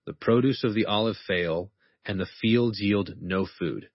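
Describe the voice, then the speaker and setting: A man, a professor and author, talking earnestly about faith and quoting scripture slowly and deliberately. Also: on the low side, no echo, lo-fi sound. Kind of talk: conversational teaching on faith.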